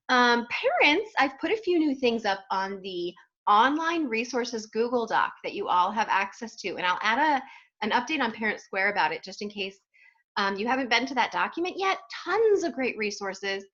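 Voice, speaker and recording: A woman's voice: mid-range voice, fairly bright tone, lo-fi sound. A woman in her forties, a teacher chatting playfully with her pupils after a read-aloud and speaking straight to the children.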